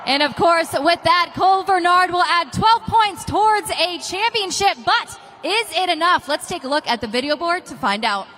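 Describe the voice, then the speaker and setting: A woman with a very high voice interviews drivers down on the track. She talks fast and upbeat as she asks her questions. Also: expressive, pushed and bright. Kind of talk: event interviewing.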